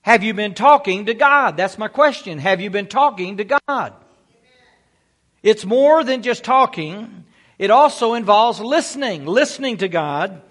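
A man's voice: sits high, animated, a little slow, fairly bright tone, long reverb tail. A male pastor preaching a sermon, exhorting his listeners with rhetorical questions and frequent "amen" calls.

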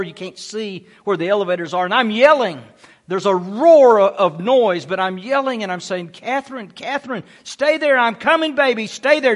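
A man's voice: sits high, fairly bright tone. A middle-aged man preaching a sermon as a pastor, emphatic and dramatic as he tells stories.

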